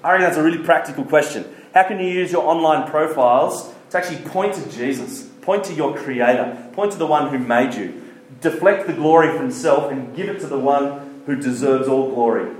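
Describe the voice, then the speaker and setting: A man's voice: fairly high pitch, a little fast, slight background noise. A man giving a casual, jokey church talk and asking the room questions. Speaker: youth speaker. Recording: echoey hall.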